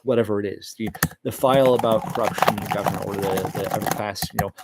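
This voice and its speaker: A man's voice: lowish voice, steady tone, quick pace, very noisy. A man talking in a casual, meandering monologue, full of fillers and restarts. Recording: loud keyboard typing in background.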